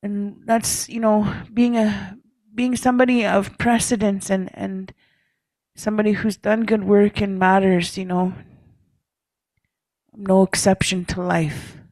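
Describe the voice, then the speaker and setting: A woman telling a personal story to a leaders' meeting, relaxed, often ending phrases with "hey?" or "eh?" and clearing her throat. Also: mid-range voice, unhurried, no room sound. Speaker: speaker at a First Nations leaders' caucus. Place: meeting room.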